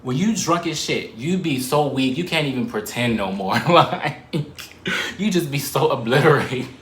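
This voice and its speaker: A man telling a story to the camera in a casual, animated way, swearing and laughing often. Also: medium pitch, moderate pace, roomy sound, slight background noise.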